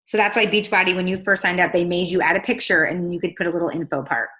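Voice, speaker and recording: A woman's voice: lowish voice, steady tone, sharp tone. Chatty, emphatic young woman coaching. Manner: fast, chatty, emphatic, full of "like" and acted-out quotes. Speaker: team coach on a call. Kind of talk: casual coaching call.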